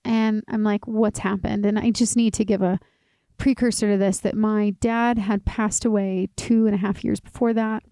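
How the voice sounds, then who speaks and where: Woman, podcast co-host, animated storytelling, mellow tone, dry sound. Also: mid-range voice, normal speed, clean tone, no echo. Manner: animated storytelling, laughs often, acts out quoted voices. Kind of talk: casual chat.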